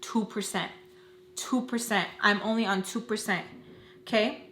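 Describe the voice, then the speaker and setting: A young adult woman vlogger telling a dramatic story in an animated, slangy way. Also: medium pitch, measured pace, echoey room. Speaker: beauty vlogger. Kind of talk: storytime vlog.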